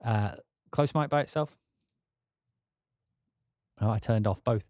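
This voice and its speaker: A man hosting a casual live-stream, chatting and rambling while demoing music software. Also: fairly low pitch, slow pace, very noisy. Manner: chatty, rambling, laughs often. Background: music playing.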